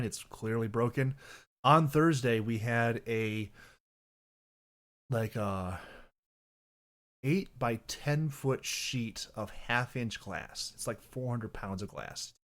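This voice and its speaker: A man's voice: mid-range voice, measured pace. A young man hosting a podcast, chatting casually and rambling, often correcting himself mid-sentence. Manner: rambling, self-correcting, bursts into loud mock voices. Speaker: podcast host. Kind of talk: casual chat on stream.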